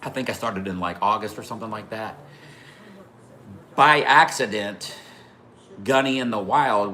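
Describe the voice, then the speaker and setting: Male streamer, forceful bright tone, loose profane storyteller who chats with his audience. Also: on the low side, a little hiss or hum. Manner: animated, swearing, laughing through anecdotes; talks to viewers by name between stories. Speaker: livestream host. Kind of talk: casual storytelling to a live chat.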